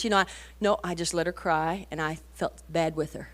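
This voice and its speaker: Woman, 40s, conversational sermon speaker; animated anecdotes, rhetorical asides, emphatic peaks. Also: on the low side, fairly quick. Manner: animated storytelling, rising to emphatic bursts. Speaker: women's conference speaker. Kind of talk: conversational sermon to mothers and teens.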